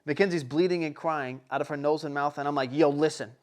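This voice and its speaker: A young man hosting a casual podcast, telling a story in an animated, rambling way full of swearing and fillers. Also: a little high, fast. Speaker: podcast host.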